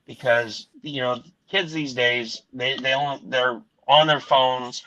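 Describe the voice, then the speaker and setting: A middle-aged man, a podcast host, talking casually and earnestly, excited and rambling as he pitches a charity comic. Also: slow. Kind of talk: casual chat. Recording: dull lo-fi recording.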